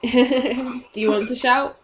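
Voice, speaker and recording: A woman's voice: a little high, fairly even intonation, slow, noisy background. A woman, narrating casually as the game master of a tabletop game. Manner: casual, chatty, laughs often.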